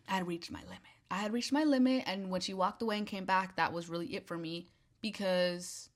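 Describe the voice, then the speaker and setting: A young woman casually telling a storytime, animated and petty, acting out quotes and dropping to whispered asides. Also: on the low side. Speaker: vlogger.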